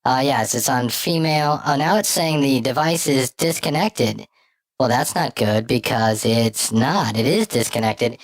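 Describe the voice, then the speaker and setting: A man's voice: medium pitch, a little slow, no room sound. A man talking through a voice-changer effect set to sound female, joking wryly. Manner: wry, joking.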